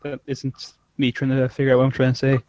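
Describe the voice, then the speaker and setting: A man's voice: medium pitch, completely flat delivery, a little fast, darkish tone, no echo, highs cut off. A man co-hosting a casual chat, rambling and often trailing off mid-thought. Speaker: podcast co-host. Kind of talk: casual chat reviewing an episode.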